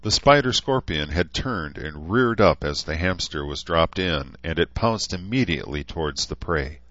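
Very deep-voiced male narrator. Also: moderate pace, dry recording. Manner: steady, even storytelling. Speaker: audiobook narrator. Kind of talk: scripted narration. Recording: dull, lo-fi, dry.

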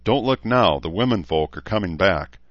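A man's voice: low-pitched, animated, moderate pace, no echo, lo-fi sound. A man voicing an easygoing young man who teases his friend in casual banter. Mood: laid-back. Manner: laid-back, teasing banter.

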